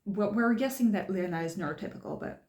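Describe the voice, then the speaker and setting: A woman gives casual spoken commentary on a book, explaining its points step by step as she thinks them through. Her mid-pitched voice carries a roomy echo from the space around her. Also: lively intonation, quick pace, a little mellow. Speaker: channel host discussing a self-help book.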